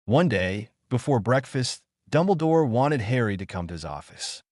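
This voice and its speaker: A man narrating a fan-fiction story in a lively storytelling manner. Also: mid-range voice, normal speed, no room sound, clean studio sound.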